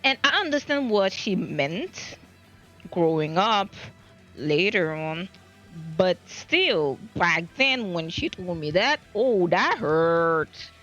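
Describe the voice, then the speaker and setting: A woman streamer from the French Caribbean, with a French Caribbean Creole accent, talks slowly in a lowish, sing-song voice with a fairly bright tone. Her casual chat rambles, full of restarts and self-deprecation, over faint music in dull lo-fi stream audio.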